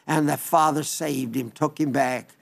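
A man's voice: a little high, steady tone, a little slow, vocal fry. A man preaching an evangelistic sermon in an earnest, pleading way, often repeating phrases and restarting sentences.

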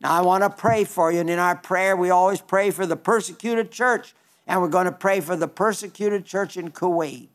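A man preaching a radio sermon in an earnest, pleading way, slowing down to read scripture and poetry aloud. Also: sits high.

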